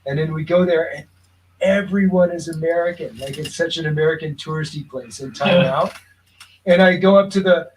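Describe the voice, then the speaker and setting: Rambling American-sounding man, slightly high voice. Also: a little fast, a little hiss or hum, poor audio. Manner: rambling storyteller, many restarts and fillers. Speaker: guest. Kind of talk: casual chat. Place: lives in a suburb of Lisbon.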